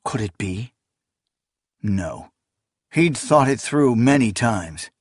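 A man reading an audiobook in steady, unhurried scripted narration. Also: mid-range voice, dry recording, studio quality.

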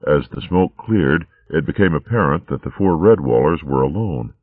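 A man narrating a storybook in a steady, measured way. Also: rumbling low, husky, dry recording. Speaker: audiobook narrator. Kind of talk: scripted narration. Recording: tinny narrow-band recording.

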